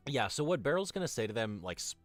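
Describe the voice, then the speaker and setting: A man's voice: mid-range voice, sing-song, fast, no room sound, soft background music. A man playing a tabletop game, chatting and explaining his character's actions with fillers. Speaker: player. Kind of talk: casual tabletop play.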